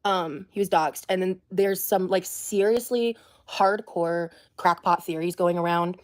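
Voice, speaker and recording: Woman streaming, kinda hesitant, lots of ums, lowish voice. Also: measured pace. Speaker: streamer being watched. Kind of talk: casual livestream talk.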